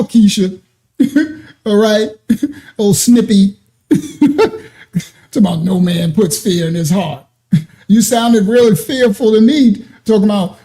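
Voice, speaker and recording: A livestream host with a dark, mellow tone talks to the chat with steady mid pitch. The delivery is teasing and mocking, full of short taunting questions and frequent laughter as trolls are called out. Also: a little slow. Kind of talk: livestream reacting to chat comments.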